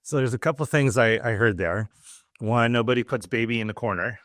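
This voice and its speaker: A man hosts a podcast interview, reacting to his guest in a casual, encouraging way. His voice sits in a middle pitch. The sound is dry and close to the mic. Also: brisk, fairly bright tone, dry recording. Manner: encouraging, laughs easily. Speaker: podcast host.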